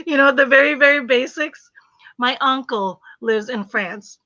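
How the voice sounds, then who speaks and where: Woman host, bright voice, dry lo-fi sound, animated, laughs a lot. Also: sits high, measured pace, no room sound. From refugee from a communist country, raised in the US. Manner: animated storytelling, laughs often, searches for words. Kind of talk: casual live chat.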